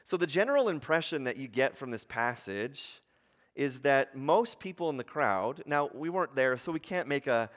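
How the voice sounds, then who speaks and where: A man preaching a sermon as pastor, talking in a conversational way with fillers and restarts, rising in pitch and volume when he acts out the crowd. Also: lively intonation, normal speed, big-room sound. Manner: grows louder and higher when acting out the crowd.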